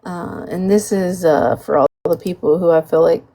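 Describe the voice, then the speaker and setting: A woman with a notably low voice hosts a casual live-stream chat. She talks softly and hesitantly, pausing on fillers as she goes. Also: steady tone. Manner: soft, hesitant, with many fillers.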